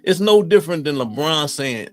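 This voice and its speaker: A middle-aged man from Ohio with an Ohio accent, hosting a casual live-stream chat, reading viewer comments and answering them in an animated, folksy way. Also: on the high side, moderate pace, soft background music. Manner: animated, talks straight to viewers, folksy slang.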